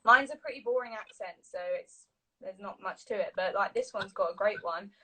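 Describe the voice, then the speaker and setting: A woman's voice: medium pitch, normal speed, pushed and bright, slightly rough, low-quality recording. A woman hosting a casual phone livestream, chatty and reading viewer comments aloud. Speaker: host of a livestream. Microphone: phone on a video livestream.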